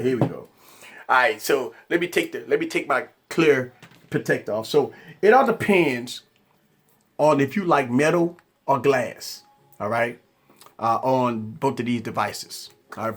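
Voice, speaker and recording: Animated, husky-voiced male tech streamer. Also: mid-range voice. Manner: animated, repetitive, rambling, conversational. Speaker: tech channel host. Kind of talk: live stream chat.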